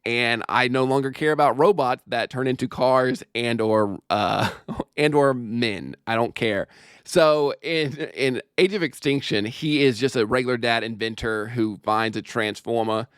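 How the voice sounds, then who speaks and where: A man hosting a podcast in casual, joking chat, animated and quick with asides, laughing often. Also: mid-range voice, smooth, no echo, clean studio sound. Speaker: podcast host.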